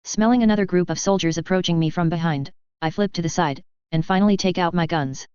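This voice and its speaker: A woman reading a fan fiction story aloud in a steady, even storytelling manner. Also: lowish voice, fast, clear, resonant tone, no room sound. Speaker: audiobook reader. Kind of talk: fan fiction audiobook narration. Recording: dry, slightly dull home recording.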